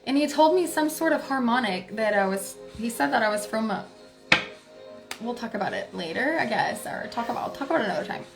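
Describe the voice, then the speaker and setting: Woman spiritual reader, higher voice, loose chatty storyteller. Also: lively intonation, a little fast, gravelly, over music. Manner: chatty, many filler words, soft laughs. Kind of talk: casual storytelling to viewers.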